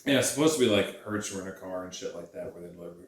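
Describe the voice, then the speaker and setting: A man's voice: deep voice, quick pace. A drunk man riffing casually and sarcastically on a movie he just watched. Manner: rambling, sarcastic, laughing. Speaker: podcast host. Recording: roomy echo.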